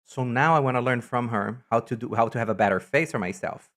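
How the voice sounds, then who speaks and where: A woman streamer in casual live-stream chat, talkative and teasing, answering chat messages with sudden high, loud exclamations. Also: brisk. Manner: chatty, reacts to chat messages with loud teasing jumps in pitch.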